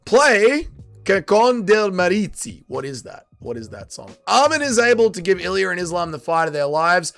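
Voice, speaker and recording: A young man hosting a casual livestream, reading chat aloud, swinging between loud bursts and low mumbles. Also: big pitch swings, normal speed, vocal fry.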